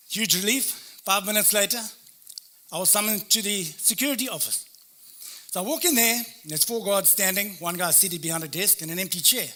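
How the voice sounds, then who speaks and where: A man's voice: high-pitched, sharp tone. A man, a motivational speaker, telling a first-person story in short, punchy phrases. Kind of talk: dramatic storytelling talk.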